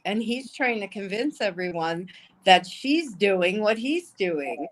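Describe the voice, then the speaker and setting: A woman's voice: mid-range voice, big pitch swings, slow, poor audio. A woman giving casual live-stream commentary, blunt and swearing often, with emotional asides. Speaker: livestream commentator.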